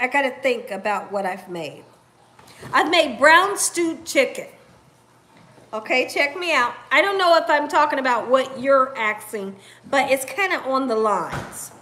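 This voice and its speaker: High, lively-voiced woman hosting a cooking live. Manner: chatty, laughing, talks straight to viewers as "y'all". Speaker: cooking channel host reading viewer comments. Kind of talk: casual live-stream chat.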